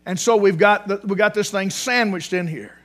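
High-voiced animated male preacher. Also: moderate pace. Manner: animated, repeats words for emphasis, restarts often. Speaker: pastor. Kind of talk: sermon. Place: church sanctuary.

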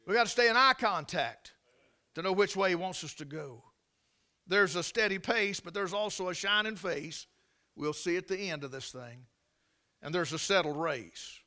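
A preacher, a man with a very high voice and a bright, forceful edge. He preaches in a folksy storytelling way, swinging from quiet asides up to full shouts. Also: normal speed. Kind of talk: sermon.

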